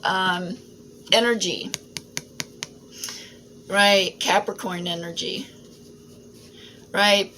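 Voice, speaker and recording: A woman giving a casual spiritual tarot reading, rambling and often tagging her thoughts with "right?" and soft fillers. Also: mid-range voice. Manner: rambling, frequent "right?" and "um" asides. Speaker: tarot reader. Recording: noisy home recording.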